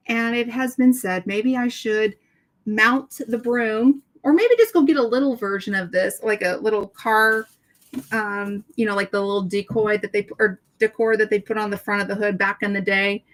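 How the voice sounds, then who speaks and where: Middle-aged woman chatting away, tells a story and does the voices, pretty animated. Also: on the high side, moderate pace. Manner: chatty and animated, acts out dialogue with shifts in tone. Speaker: host. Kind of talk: casual storytelling chat.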